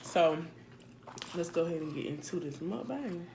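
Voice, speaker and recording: A woman's voice: fairly low pitch, expressive, moderate pace, vocal fry, noisy background. A woman chatting casually to viewers while eating, talking them through the food at home. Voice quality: chatty, addresses viewers as y'all. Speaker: family vlogger. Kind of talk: casual mukbang chat.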